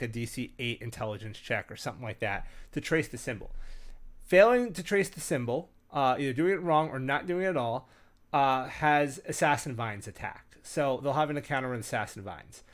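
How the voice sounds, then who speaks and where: Male host with a middle-pitched voice, casual and rambling, full of fillers and restarts, livens up when he tells stories over a computer mic. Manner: animated storyteller. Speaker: host sharing game-master tips. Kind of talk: casual chat.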